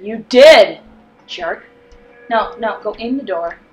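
A woman's voice: fairly high pitch, animated, takes it slowly, a little hiss or hum. A woman hosting a let's play, telling her co-player where to go and trading blunt jabs with him. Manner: directive, bossy guidance with blunt banter. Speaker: channel host, guiding the player. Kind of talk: casual gameplay chat.

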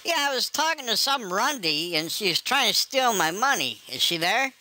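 A woman's voice: medium pitch, very animated, normal speed, sharp tone. A woman voicing a cranky, foul-mouthed older man on a prank phone call, impatient and swearing. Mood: furious. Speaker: scam baiter.

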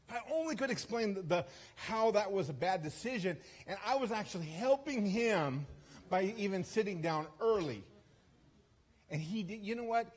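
A guest preacher with a slightly high, husky voice tells a story during a church service. His sermon is loose and chatty, full of self-deprecating laughs, asides, and sentences he keeps restarting.

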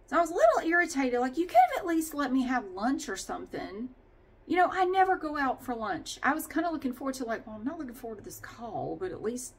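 A woman's voice: on the high side, a bit bright, a little hiss or hum. A woman vlogging at home in a casual, chatty monologue, ranting with sighs and swearing.

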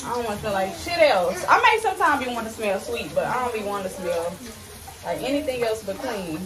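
A woman vlogging casually at home while getting ready, loud and playful, talking straight to her viewers with slang. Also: a little high, expressive, brisk. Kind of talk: casual chat to camera. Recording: distant mic with music playing behind.

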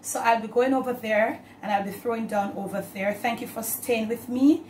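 A woman's voice: on the high side, steady tone, normal speed, darkish tone. Jamaican lady cooking vlog, chatty, slips into patois, echoey kitchen, faint hiss. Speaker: cooking channel host.

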